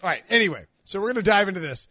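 A man's voice: sits high, lively intonation, racing, sharp tone, dry recording. A man in his thirties hosting a casual sports podcast and teasing his co-hosts. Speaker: podcast host.

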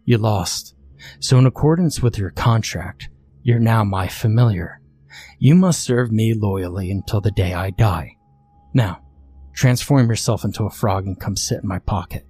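A man voicing a calm, smug young male conjurer who mocks patiently. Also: fairly low pitch, unhurried, husky.

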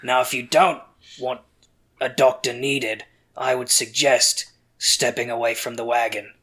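A gruff caravan guard brushes people off with short, dismissive lines, as a game master plays him. His voice sits at an ordinary middle pitch. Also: fairly even intonation, measured pace, fairly bright tone. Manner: curt and dismissive.

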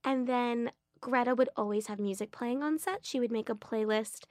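A woman's voice: a little high, moderate pace, darkish tone, no room sound, studio quality. A young woman, an actress guest, chatting casually in an interview, gushing and filling her talk with "like" and "um". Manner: chatty, gushing, many fillers and likes.

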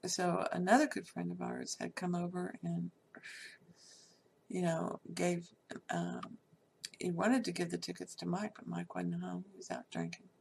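Gravelly woman telling a blunt personal story. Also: on the low side, level tone, measured pace, darkish tone, a little hiss or hum. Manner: candid, blunt, swears freely.

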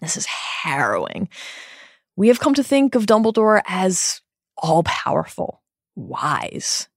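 A woman co-hosting a book discussion podcast, giving measured, reflective analysis that builds lists for emphasis. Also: on the low side, huge pitch swings, creaky, no echo, clean studio sound. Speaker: podcast co-host.

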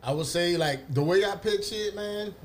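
A man's voice: high-pitched, moderate pace, a little hiss or hum. Rambling man in his thirties. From Brooklyn, New York. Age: 30s. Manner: loose and rambling, full of "you know what I'm saying". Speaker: guest rapper. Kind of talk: casual podcast chat.

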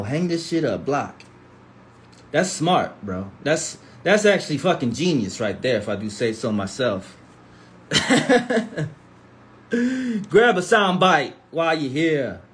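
A man with a fairly high-pitched voice hosts a casual livestream, reading viewer comments aloud and answering them into a phone with animated, profane, slangy banter.

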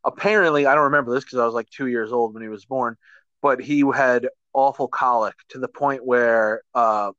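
A man's voice: mid-range voice, fairly even intonation, moderate pace, a bit bright, dry recording, dull audio. A man in casual chat, joking and riffing on his co-host's stories.

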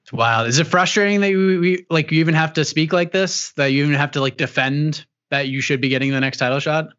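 Bright-voiced man host asking questions. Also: fairly high pitch, brisk, lo-fi sound. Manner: chatty, long rambling questions. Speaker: interviewer. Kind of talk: interview questions.

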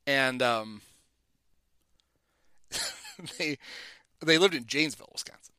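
A middle-aged man spins anecdotes in a relaxed chat, his bright voice rising and falling in a lively way. He slips into quick impressions of the people in his stories. The sound is dry and close. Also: medium pitch, clean tone, no room sound. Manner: animated anecdotes, acts out quotes. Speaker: guest telling stories. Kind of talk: casual storytelling chat.

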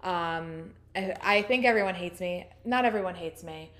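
A woman's voice: lowish voice, moderate pace, a bit bright. A woman co-hosting a podcast in casual chat, talkative and full of fillers, laughing often. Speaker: podcast co-host.

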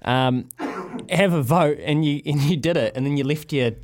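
A man's voice: fairly high pitch, darkish tone. New Zealand man hosting breakfast radio. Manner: laughing, quick, joking. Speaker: radio breakfast show host. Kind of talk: lively sports radio banter. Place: radio studio.

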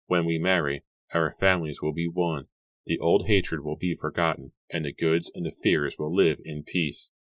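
A man's voice: very deep voice, steady tone, normal speed, fairly bright tone, dry recording, studio quality. A man reading aloud and voicing an earnest young man, speaking with grave intensity. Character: earnest young man seeking to end a feud.

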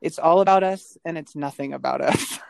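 A woman's voice: low voice, fairly quick, creaky, darkish tone, no room sound. A woman guest on a podcast who answers in an earnest, searching way, restarting her sentences and laughing between thoughts. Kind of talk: casual reflective interview talk.

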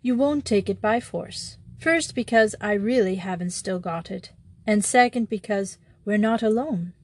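A woman voicing a meek, apologetic little male country priest who speaks simply and gently. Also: mid-range voice, measured pace. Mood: mild.

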